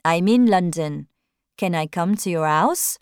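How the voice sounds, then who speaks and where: A woman voicing a charming Frenchman in a storybook reading, speaking softly and in a low key. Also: animated, unhurried, smooth, dry recording. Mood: earnest. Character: charming Frenchman, a gentle lover.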